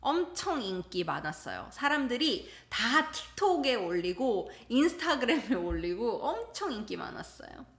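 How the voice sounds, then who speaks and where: A woman teaching a live-streamed language lesson, slow when explaining and quick with her examples, laughing often. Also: fairly high pitch, sing-song, echoey room. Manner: switches between slow English explanations and quick Korean examples. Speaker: Korean teacher.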